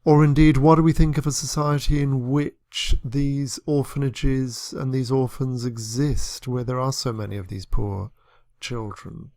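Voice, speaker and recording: A man's voice: mid-range voice, fairly even intonation, a little slow, dark tone, no echo, studio quality. A man teaching a literature lesson on a poem, thoughtful and hesitant, with many fillers and restarts. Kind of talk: lecture on poetry.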